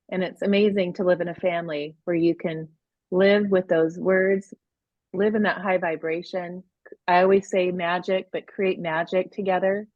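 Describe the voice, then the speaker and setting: A woman's voice: lowish voice, dry recording. A woman in her forties co-hosting a parenting course on a video call, talking in a heartfelt, rambling way with many restarts. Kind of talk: emotional casual talk on a live video course. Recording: dull lo-fi sound.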